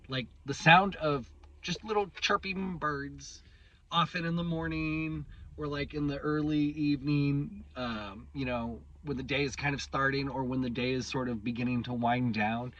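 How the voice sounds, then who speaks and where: A man's voice: mid-range voice, steady tone, moderate pace, a bit bright, lo-fi sound. A man in his thirties hosting his own channel, talking through a candid personal monologue, swearing casually and often restarting his sentences. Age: 30s. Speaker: channel host.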